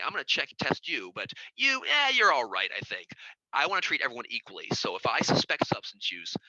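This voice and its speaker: Animated fast-talking male lecturer. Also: no echo, low-quality recording. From United States. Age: middle-aged. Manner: conversational, acts out quoted voices with big pitch jumps. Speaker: child psychiatrist lecturing. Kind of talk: informal lecture.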